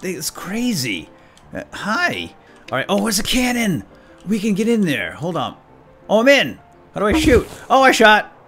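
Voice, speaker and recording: A man hosting a let's play, giving silly role-play commentary in an excitable, giggly way. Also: high-pitched, a little slow, soft background music.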